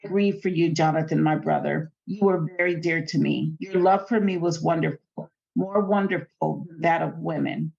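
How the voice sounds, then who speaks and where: A woman's voice: low-pitched, moderate pace, vocal fry, few pauses, highs cut off, crowd noise. A woman hosting a casual Bible study, reading scripture aloud and retelling it in chatty, everyday terms.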